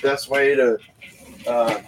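A man's voice: medium pitch, steady tone, takes it slowly, recorded from a distance, slight background noise, low-quality recording. A man hosting a casual live stream from a room at home, fired up and profane, talking into his phone. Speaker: paranormal livestream host.

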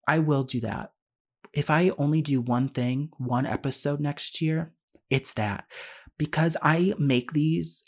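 A man hosting a solo podcast, talking very fast in a rambling, self-deprecating way. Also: mid-range voice, breathy edge. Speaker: podcast host.

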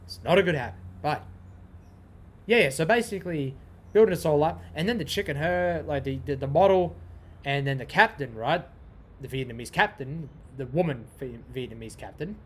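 A man's voice: on the high side, lively intonation, normal speed, breathy edge. A young man hosting a podcast, talking in a loose, profane, rambling way that repeats itself and wanders off on tangents. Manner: profane, repetitive, goes off on tangents. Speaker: podcast host. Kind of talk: casual rambling monologue.

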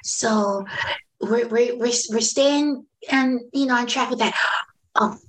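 A woman who coaches children and families, telling client stories in an animated, conversational interview. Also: a little high, slow, a little hiss or hum, rough recording.

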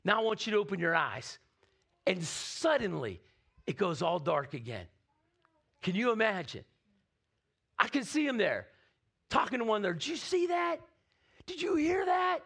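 High-voiced man preaching animatedly. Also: moderate pace, creaky, long pauses, husky. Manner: animated, conversational preaching with frequent "right?" asides. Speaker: pastor. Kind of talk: sermon.

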